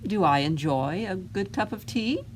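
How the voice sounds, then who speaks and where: A self-important male goblin grumbles with indignant sarcasm, as a woman reads him aloud from a picture book. He speaks slowly at a middling pitch, jealous and put out. She keeps it close to her own voice. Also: expressive, a little hiss or hum, lightly acted. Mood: grumbling.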